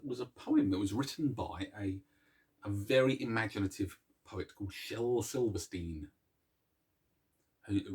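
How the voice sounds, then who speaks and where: A man's voice: fairly low pitch, warm tone, breathy edge. A man hosting a casual music show, chatting to viewers in a rambling, self-mocking way, with plenty of restarts. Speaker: host of a music series.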